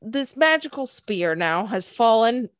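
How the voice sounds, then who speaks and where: A woman co-hosting a casual chat, recapping a show with animated sarcasm and frequent laughter. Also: a little high, a little slow. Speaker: podcast co-host recapping an anime.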